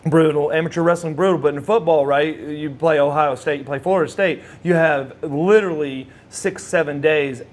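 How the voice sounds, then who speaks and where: A man's voice: on the high side, fairly even intonation, normal speed, few pauses. A middle-aged man, a former wrestler, telling stories in a rambling way with many fillers and restarts. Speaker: former wrestler, interview guest. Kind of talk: casual storytelling.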